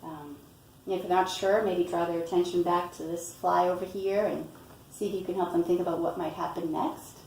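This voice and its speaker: A woman reading a picture book aloud and explaining storytime tips in a patient way, often pausing with "um" and "you know". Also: lowish voice, little pitch movement, gravelly, darkish tone, slight background noise. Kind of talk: instructional read-aloud tutorial. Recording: roomy, from a distance, faint ambience.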